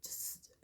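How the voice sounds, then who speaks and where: A young woman giving a casual tarot reading to camera, emotional and chatty, turning tearful, her voice swinging from soft and low to high and loud. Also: very noisy. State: tearful, crying at times. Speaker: tarot reader.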